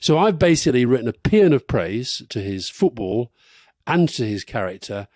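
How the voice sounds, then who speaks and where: A man's voice: medium pitch, sing-song, normal speed, darkish tone, dry recording, studio quality. A middle-aged man co-hosting a live podcast, telling wry anecdotes and laughing as he goes. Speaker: podcast co-host. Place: live stage event.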